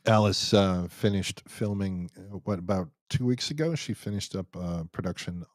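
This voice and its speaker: Deep-voiced man hosting a live Q&A. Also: normal speed, no room sound. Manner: rambling and joking, many restarts. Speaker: host of a live Q&A stream. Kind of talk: casual live-stream chat reading viewer comments.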